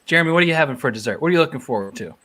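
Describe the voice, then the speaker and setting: A co-host steering a casual chat over a video call, joking and brisk. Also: medium pitch, expressive, bright, forceful tone.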